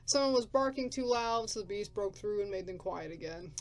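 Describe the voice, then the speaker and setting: A woman voicing a hungry, gruff male drifter scavenger, reading game dialogue aloud in a blunt, grumbling way. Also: medium pitch, expressive, brisk, natural voice.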